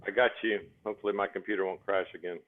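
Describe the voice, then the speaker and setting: A man's voice: low-pitched, flat delivery, racing. A man, co-hosting a casual video call in a laid-back way and cracking corny jokes. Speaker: co-host and scorekeeper. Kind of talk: casual joking chat. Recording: tinny phone-like line with faint noise.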